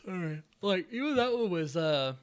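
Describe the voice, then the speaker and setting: A man's voice: high-pitched, animated, normal speed, clear, resonant tone. A tired young man hosting a late-night live stream, rambling casually with many fillers as he thanks his viewers. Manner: enthusiastic, warmly thanks viewers. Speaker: host of a live watch party stream.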